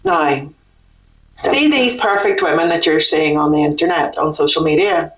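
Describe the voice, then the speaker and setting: A woman's voice: deep voice, sing-song, moderate pace, roomy sound, rough recording. A woman, co-hosting a podcast, chatty and earnest as she gives advice. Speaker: podcast co-host. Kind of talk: casual chat.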